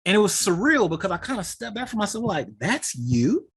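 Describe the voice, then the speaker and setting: A middle-aged man, a guest on an interview show, telling a personal story in an animated and emotional way. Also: high voice, fast, gravelly, a little hiss or hum. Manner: animated, acts out quoted voices, gets emotional.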